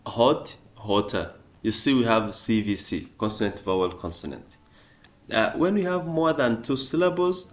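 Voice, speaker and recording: A man teaching a beginner English grammar lesson, going step by step and repeating each example word with extra stress. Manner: slow and deliberate, repeating example words; stresses example words louder and higher.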